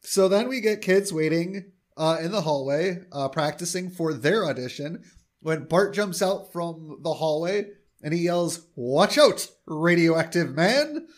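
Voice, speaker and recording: A man's voice: on the high side, measured pace, a little mellow. A man co-hosting a podcast, casually recapping a TV episode with lots of "uh" and "um" and quoting the characters' lines. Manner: recaps plot with many fillers and quoted lines. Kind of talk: casual chat.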